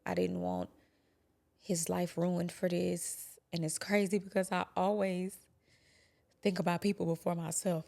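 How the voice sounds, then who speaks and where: A young adult woman quietly recounting a painful personal experience, halting and sometimes dropping to a whisper. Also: on the low side, animated, gravelly. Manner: quiet, halting, drops to a whisper at hard moments. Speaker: guest telling her story. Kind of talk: personal testimony.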